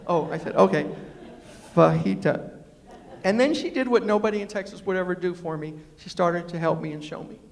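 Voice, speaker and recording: A middle-aged man tells comic stories to a university audience. He is animated and acts out the people he quotes. His voice sits fairly high and carries a long reverb from the lecture hall. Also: fast, few pauses. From New York City. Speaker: storyteller and humorist. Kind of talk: comic storytelling talk to a live audience.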